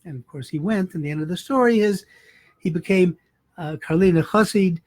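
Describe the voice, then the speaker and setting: A man's voice: high voice, fairly quick, a little mellow, no room sound. A man, a rabbi, telling a holiday story in a folksy, conversational sermon.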